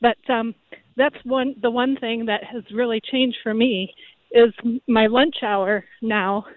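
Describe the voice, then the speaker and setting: A woman's voice: a little high, steady tone, a little slow, no echo. A woman calling in to a radio show while out on a walk, out of breath and chatty, laughing as she talks. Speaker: caller. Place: outdoors on a river trail. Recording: tinny phone line.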